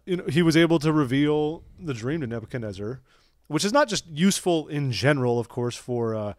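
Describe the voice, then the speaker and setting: A man's voice: a little high, animated, a little fast, no echo, studio quality. A man hosting a casual scripture discussion podcast, playful and jokey, thinking aloud as he goes. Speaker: podcast host.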